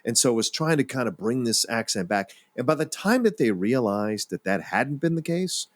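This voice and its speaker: Animated male film podcast host. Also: mid-range voice, moderate pace, dry recording. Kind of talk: casual film discussion.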